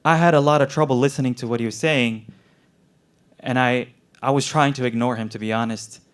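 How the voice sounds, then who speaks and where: A man's voice: mid-range voice, fairly even intonation, brisk, clear, resonant tone. A young man, a medical student, performing an earnest, emotionally intense spoken word story. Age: young adult.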